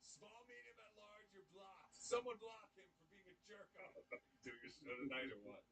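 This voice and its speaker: Brash, animated high-voiced streamer. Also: male voice, moderate pace, vocal fry, crowd noise, low-quality recording. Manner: brash, profane, mock-outraged banter. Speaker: live stream host. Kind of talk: casual live stream chat.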